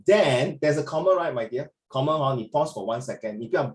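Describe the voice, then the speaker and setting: A man's voice: on the high side, brisk, a little mellow, low-quality recording. A man teaching an online lesson over a video call, playful and teasing as he corrects a student and calls him "my dear".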